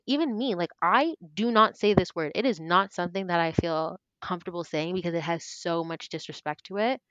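A young woman in her twenties, a podcast guest telling her story in casual chat, earnest and animated, acting out what others said. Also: medium pitch, normal speed, few pauses, no echo, muffled recording. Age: 20s. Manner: earnest, animated, acts out quoted voices.

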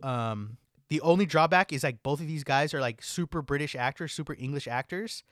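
A man's voice: fairly high pitch, brisk, a bit bright, no echo. A young man chatting casually as a podcast co-host, laid-back, swearing a lot and saying "like" constantly. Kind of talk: casual chat. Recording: dry close mic.

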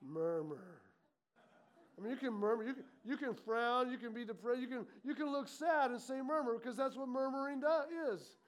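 Brief: male pastor, very high voice, lively sermon delivery, mimics grumbling. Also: brisk, few pauses. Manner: animated preaching, acts out muttering complaints.

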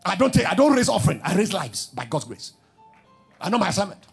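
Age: adult. Sex: male. Role: preacher. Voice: very high, raspy, gravelly. Delivery: shouted, fervent. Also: big pitch swings, fast, soft background music. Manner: shouting, chanting, repeating phrases. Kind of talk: fervent sermon with prayer in tongues.

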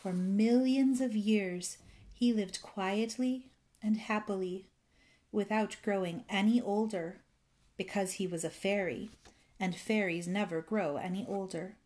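Slow, gentle woman storyteller. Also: medium pitch, fairly even intonation. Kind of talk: scripted narration.

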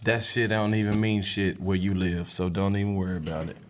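A man's voice: low voice, flat delivery, fairly quick. Crude, joking man. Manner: crude, joking, laid-back. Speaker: podcast host. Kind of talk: casual chat.

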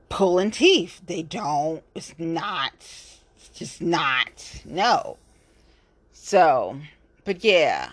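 A woman talking in a casual monologue, blunt and heavily profane, rambling from one complaint to the next. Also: sits low. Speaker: local political activist.

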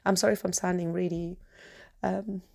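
Female podcast host, passionate solo monologue; low, dark, gravelly voice. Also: steady tone, normal speed. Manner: passionate, repetitive, earnest.

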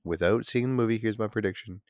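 Male, low gravelly voice, lively inflection, dry sardonic co-host delivery. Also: fast talker, dry recording. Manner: skeptical, sardonic, profane. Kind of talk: casual chat.

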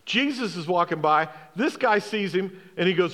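A man's voice: high voice, lively intonation, moderate pace, fairly bright tone, big-room sound. A man, a pastor, preaching a sermon, emphatic, asking the congregation questions and repeating key phrases.

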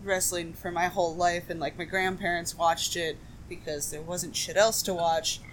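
A woman from the Midwest, co-hosting a podcast, telling stories in a casual, profane, animated way. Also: on the low side, normal speed, a little hiss or hum. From American Midwest. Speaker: podcast co-host. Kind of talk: casual chat.

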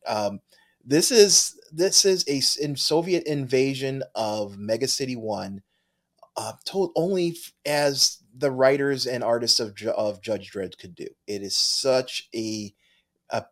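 A man co-hosting a comic book show, talking eagerly in casual chat with frequent restarts. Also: medium pitch. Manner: enthusiastic, halting, full of restarts. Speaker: comic book podcast co-host.

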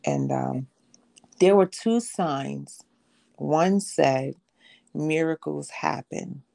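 A woman with a low, gravelly voice recounts her own story on a podcast. She tells it conversationally and slips into the voices of the people she quotes. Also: drawn-out words, dark tone. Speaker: podcast guest. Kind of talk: personal testimony in conversation.

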